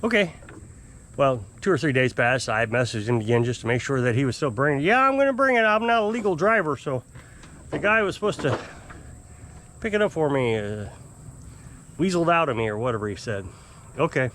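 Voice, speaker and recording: A man telling a long, exasperated story to camera in a rambling, casual way. He mimics his customers in high, put-on voices. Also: animated, a little fast, pauses often, fairly bright tone, a little hiss or hum. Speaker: off-grid homesteader fixing small engines.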